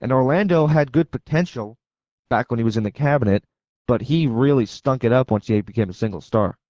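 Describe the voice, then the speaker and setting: A man's voice: mid-range voice, darkish tone, no echo. Blunt, opinionated man on dull radio. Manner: blunt, opinionated, quick to rant. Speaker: radio show co-host. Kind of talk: casual radio debate. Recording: dull dry AM radio broadcast.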